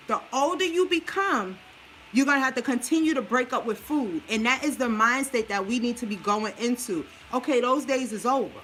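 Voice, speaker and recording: In her home kitchen, a vlogger with a New Orleans accent lays out her meal plan, addressing viewers directly with sass and a preachy streak. Her voice sits high and fairly bright, with slight background noise, in a casual demo full of advice.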